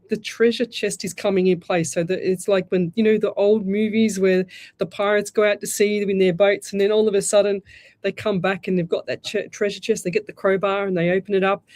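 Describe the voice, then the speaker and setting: An Australian woman hosting a live radio show, giving psychic readings in a chatty, rambling way. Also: mid-range voice. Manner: chatty, rambling, warm asides like "lovey". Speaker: psychic medium radio host.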